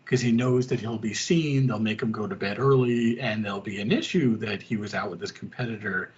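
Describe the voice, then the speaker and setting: A man co-hosting a casual podcast, retelling scenes in an animated way and dipping into quick voices for the people he describes. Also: lowish voice, lo-fi sound. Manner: animated storyteller, quick asides in character voices. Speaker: podcast co-host. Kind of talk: casual chat.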